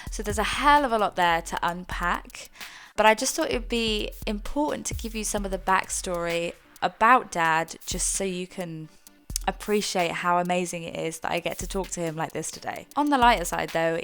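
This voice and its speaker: A woman's voice: lowish voice, fairly bright tone. A young woman, introducing her podcast in a chatty, earnest way that is a little self-mocking. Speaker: podcast host.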